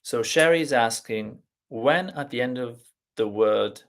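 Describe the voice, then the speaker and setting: A man's voice: medium pitch, fairly bright tone. A man with an Italian accent, a native Italian speaker, teaching Italian pronunciation in a live stream and explaining patiently step by step. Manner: unhurried, explains step by step, repeats words slowly.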